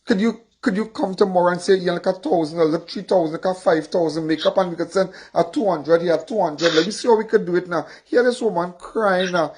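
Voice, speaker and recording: A man's voice: high-pitched, husky. A middle-aged man with a Trinidadian accent hosting a live call-in show, talking in an impassioned, repetitive, pleading way. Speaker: host.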